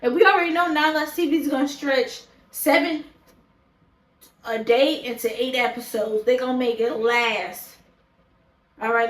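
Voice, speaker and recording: A woman's voice: fairly high pitch, reverberant, low-quality recording. A woman reviewing a reality show in casual chat to camera, blunt, profane and opinionated. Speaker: show reaction vlogger. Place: indoors, talking to a camera.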